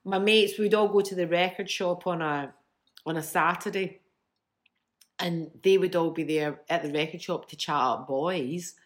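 A woman in her fifties, a musician telling stories from childhood in a chatty, animated way with bursts of laughter. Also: lowish voice, moderate pace. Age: 50s. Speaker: guest, musician. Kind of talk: casual storytelling.

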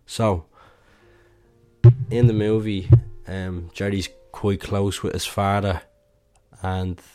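A man's voice: low voice, darkish tone. A young man with a Dublin Irish accent, hosting a casual solo podcast, rambling with lots of fillers and restarts. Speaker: podcast host and musician.

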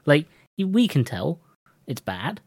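A man's voice: on the high side, very animated, measured pace, darkish tone, dry recording. Man, podcast co-host, casual chat, rambling, self-correcting, dry close sound. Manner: rambling, restarts sentences, laughs often.

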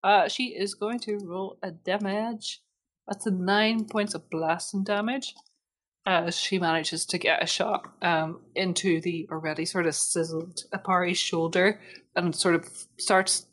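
A woman narrating as game master of a tabletop role-playing game, relaxed and giggly with many fillers. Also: fairly low pitch, unhurried.

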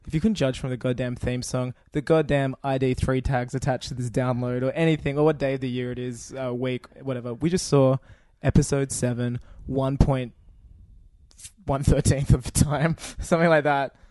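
A man's voice: medium pitch, fairly even intonation, moderate pace, a little mellow, dry recording. Rambling man, dry mic. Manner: rambling, stuttering, laughing. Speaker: podcast co-host. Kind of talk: casual late-night chat.

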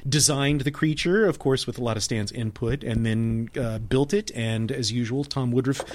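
A man co-hosting a film podcast, talking in a casual, joking way with quick asides. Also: medium pitch. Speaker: podcast co-host.

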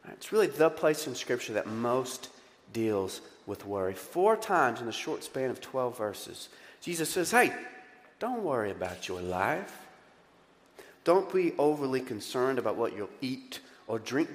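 A male pastor preaching a lively, conversational sermon and often putting questions to the congregation. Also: a little high, in a large hall. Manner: animated, conversational, asks the crowd questions.

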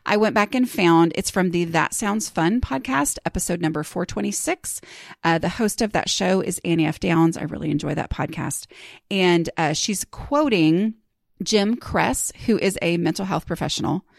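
A woman's voice: lowish voice, creaky, no echo, clean studio sound. A woman hosting a podcast, chatty and self-deprecating, with rambling asides. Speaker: podcast host. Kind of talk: casual podcast chat.

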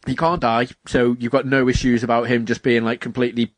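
A young man talks about a game he's hooked on, in a loose, animated chat full of swearing. He keeps slipping into little performances of what people said to him. His voice sits at a middling pitch, recorded dry and close with no room sound. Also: brisk, no echo. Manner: animated, swears freely, acts out quotes. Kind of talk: casual chat about video games.

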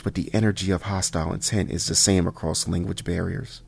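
A man narrating a first-person horror story in a slow, hushed delivery that sometimes drops to near whispers. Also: sits low, level tone, gravelly, husky.

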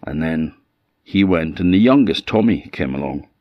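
A man with an Orcadian Scottish accent telling a folk tale in a relaxed, conversational way. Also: a bass voice, normal speed, dry recording, highs cut off. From Orkney, Scotland. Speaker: storyteller. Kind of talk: oral folk storytelling.

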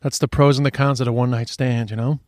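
A man's voice: mid-range voice, flat delivery, fast talker, darkish tone, no room sound, studio quality. A man co-hosting a podcast, telling stories in frank, sweary casual chat with many stumbling restarts. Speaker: podcast co-host.

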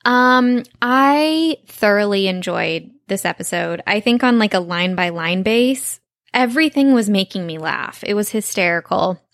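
A woman's voice: mid-range voice, animated, a little slow, a bit bright, no echo, studio quality. Chatty enthusiastic woman podcast host. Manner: enthusiastic, chatty, many fillers. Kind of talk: casual chat.

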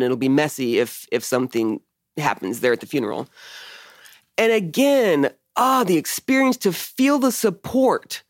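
Candid, low-voiced woman podcast host. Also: dry recording, studio quality. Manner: candid, emotional storytelling, frequent swearing. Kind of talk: casual conversation.

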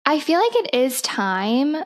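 A woman's voice: sits high, sing-song, measured pace. Bubbly young woman podcast co-host. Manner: bubbly, enthusiastic. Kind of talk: casual chat.

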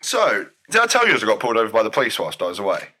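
Young male podcast co-host, bright and lively, spins casual stories. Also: rapid-fire, husky. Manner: animated storytelling, lively pitch. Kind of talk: casual chat.

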